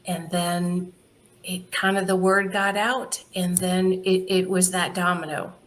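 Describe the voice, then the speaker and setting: A woman's voice: on the low side, a little slow, slight background noise. A middle-aged woman, a charity founder, telling stories in a casual interview, laughing often and acting out the people she quotes. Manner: lively anecdotal, laughs often, acts out quoted dialogue.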